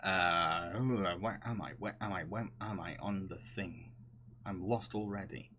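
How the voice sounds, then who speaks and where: A man's voice: low-pitched, a little slow, bright, forceful tone, a little hiss or hum. A man streaming live, chatting casually and reading viewer comments, often laughing and gushing with frequent restarts.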